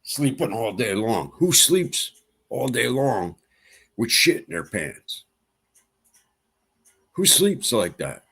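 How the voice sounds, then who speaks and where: A man's voice: mid-range voice, sing-song, takes it slowly, creaky, pauses often, a bit bright, slightly rough. A man hosting a livestream, venting in a casual monologue with exasperation and repeating himself for emphasis. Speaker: livestream host.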